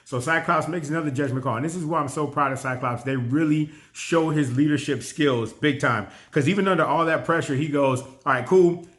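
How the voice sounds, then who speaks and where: A man's voice: fairly high pitch, a little fast, hardly any pauses, a bit bright. A man giving a casual spoken review, animatedly retelling scenes with slang and frequent restarts. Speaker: TV show reviewer.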